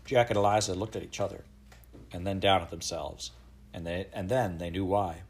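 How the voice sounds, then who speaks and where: A man's voice: low voice, fairly even intonation, normal speed, breathy edge. A man reading a children's novel aloud, expressively giving voice to each child's lines. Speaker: audiobook narrator. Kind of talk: storybook read-aloud.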